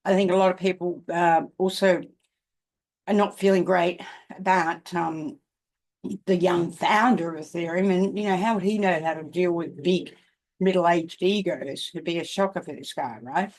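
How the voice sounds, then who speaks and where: A woman's voice: lowish voice, steady tone, moderate pace, a little mellow. An older woman with an Australian accent, talking casually to camera about markets, emphatic and often checking in with "okay?". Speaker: crypto commentator.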